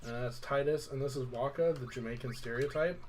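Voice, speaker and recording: A man's voice: medium pitch, a little fast, slight background noise. A young man casually recapping a video game story, rambling with lots of "like" and fillers. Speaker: let's play host.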